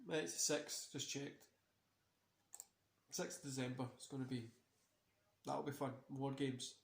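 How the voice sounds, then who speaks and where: A man's voice: medium pitch, little pitch movement, unhurried, creaky. A tired man hosting a casual wrestling watch-along, rambling and swearing freely between many fillers. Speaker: host. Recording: roomy echo.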